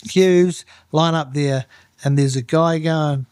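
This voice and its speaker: A middle-aged man with a New Zealand accent, telling lively stories in a casual chat and acting out the people in them. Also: on the high side, slow, clear, resonant tone, dry recording, studio quality. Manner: animated anecdotes, acts out other people's voices. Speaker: guest, turf manager.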